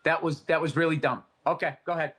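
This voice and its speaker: High-voiced man telling stories. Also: fast, breathy edge. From Boston, USA. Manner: animated, swearing, laughs through his stories. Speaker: podcast co-host. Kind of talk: casual profane storytelling chat.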